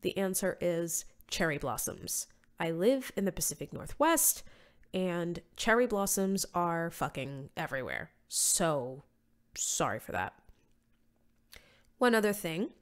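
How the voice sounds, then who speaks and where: A woman's voice: on the low side, big pitch swings, a little slow. A woman in her thirties hosting a solo podcast, sounding nasal from allergies, blunt and sarcastic with casual swearing. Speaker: podcast host.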